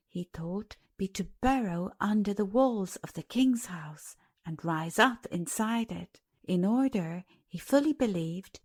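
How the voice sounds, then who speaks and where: A woman narrating a classic fairy tale audiobook in an expressive storytelling manner. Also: medium pitch.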